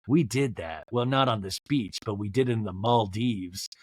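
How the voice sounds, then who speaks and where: A man voicing a smug younger boyfriend in a low, mumbling mock voice. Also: normal speed, no echo, clean studio sound, lightly acted.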